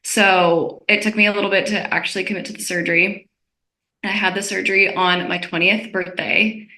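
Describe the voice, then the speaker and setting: A woman in her twenties hosting a podcast, sharing her own story in casual chat and quick to react with sympathy. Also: medium pitch, level tone, sharp tone. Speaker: podcast host. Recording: echoey room.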